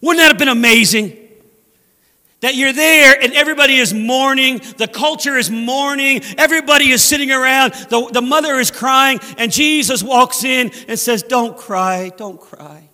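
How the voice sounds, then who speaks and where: Male preacher, animated sermon, sharp bright tone, long church reverb. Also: extremely high pitch, moderate pace. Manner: animated, acts out scripture voices, laughs at own jokes. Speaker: guest preacher. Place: church sanctuary.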